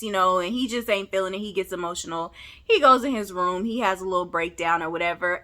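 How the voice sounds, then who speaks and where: A Southern woman from Memphis, casually recapping a TV episode as if talking with a friend. Her voice is bright and a little forceful, and she sits right in the middle of the usual pitch range for a woman. She is sassy, animated and talks straight to the camera. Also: brisk. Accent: Southern American. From Memphis, Tennessee. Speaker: TV recap vlogger.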